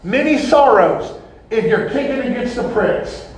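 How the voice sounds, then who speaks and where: A man preaching a sermon in an animated, folksy way, often breaking into laughter. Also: very high voice, measured pace. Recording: echoey room.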